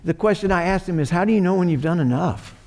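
A man's voice: high voice, fast talker, darkish tone. A man preaching a sermon in a church, earnest and repeating phrases for emphasis. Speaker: pastor.

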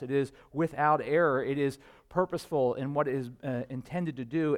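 A man preaching a sermon to his congregation, earnest and with frequent filler pauses. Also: medium pitch. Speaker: pastor.

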